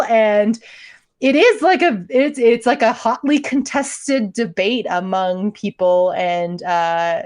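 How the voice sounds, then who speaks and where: A woman's voice: mid-range voice, takes it slowly, a little mellow. A woman co-hosting a podcast, telling a true-crime story in a casual, joking way and laughing often. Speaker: podcast co-host.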